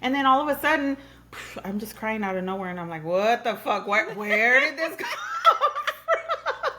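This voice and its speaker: A woman's voice: a little high, unhurried, a little hiss or hum. A woman hosting a podcast, talking frankly in casual chat and laughing often as she tells stories. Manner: frank, laughing, animated storytelling. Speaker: podcast host.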